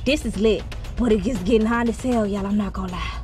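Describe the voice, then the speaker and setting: A woman's voice: mid-range voice, fairly quick, darkish tone, soft background music. A woman hosting a couple vlog from inside a car trunk, talking in slangy, hyped bursts to her viewers on a close GoPro. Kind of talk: casual vlog talk to viewers. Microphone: GoPro camera held close.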